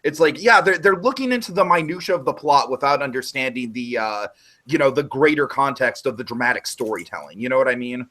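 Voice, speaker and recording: Male host, recap chat, emphatic opinions, mid pitch. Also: fairly quick, a bit bright. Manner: opinionated, emphatic, apologetic asides. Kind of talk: casual recap discussion.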